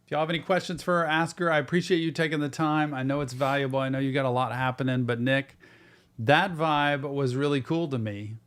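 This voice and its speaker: A man's voice: medium pitch, little pitch movement, fast talker, few pauses, a bit bright, clear, resonant tone. Man, middle-aged, therapist host, earnest, encouraging, casual stream talk. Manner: earnest, encouraging, talks directly to viewers, says "y'all". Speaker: therapist host of a music reaction show. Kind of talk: casual reaction-stream commentary.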